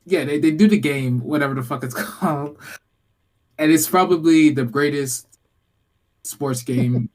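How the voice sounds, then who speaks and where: A man's voice: fairly high pitch, unhurried, pauses often. Crude rambling podcast guy. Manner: crude, rambling, acts out scenes in quoted voices. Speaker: podcast co-host. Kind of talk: casual movie review chat.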